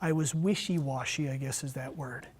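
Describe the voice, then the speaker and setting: Man giving a lively teacher workshop. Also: mid-range voice, moderate pace, slightly rough. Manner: lively, talks straight to the audience. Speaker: teacher trainer. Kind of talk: workshop lecture.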